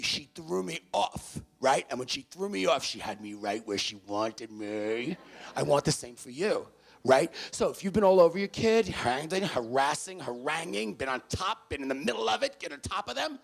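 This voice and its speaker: A man giving an animated storytelling talk to parents at a university event, swinging between loud bursts and hushed moments. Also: fairly high pitch, vocal fry. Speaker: speaker addressing parents. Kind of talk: storytelling motivational speech.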